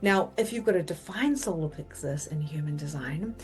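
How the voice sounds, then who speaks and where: A woman's voice: low voice, animated, moderate pace, faint music behind. A woman psychic medium and spiritual coach teaching in a casual, chatty way, often checking in with "okay?" and now and then swearing bluntly.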